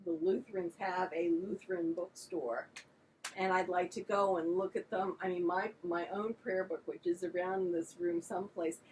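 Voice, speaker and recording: A woman's voice: lowish voice, steady tone, normal speed, darkish tone, recorded from a distance, rough recording. An older woman chats casually and tells rambling, self-deprecating stories. She sits a little back from the mic, with a faint hiss of noise behind her. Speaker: podcast co-host. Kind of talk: casual chat.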